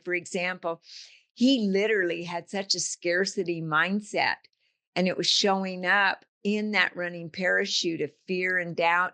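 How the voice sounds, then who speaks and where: This older woman, a business coach and author, speaks as a guest in a casual interview, telling stories full of vivid analogies. Her voice is lowish and bright, with vocal fry and a forceful tone.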